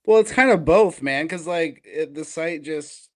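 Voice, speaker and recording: A man's voice: on the high side, a little slow. A man on a comedy podcast, joking around and swearing casually. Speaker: podcast co-host.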